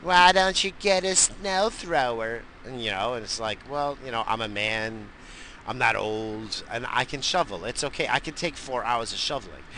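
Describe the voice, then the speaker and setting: Gravelly, bright-voiced crude male podcaster. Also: lowish voice, moderate pace, slight background noise. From New York area. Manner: crude, boisterous storytelling. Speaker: podcast host. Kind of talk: profane casual monologue.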